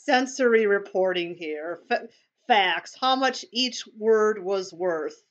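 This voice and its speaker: A woman's voice: mid-range voice, animated, takes it slowly, dull audio. A woman commentating on video clips, thinking aloud in a tentative, questioning way. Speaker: personality-typing commentator.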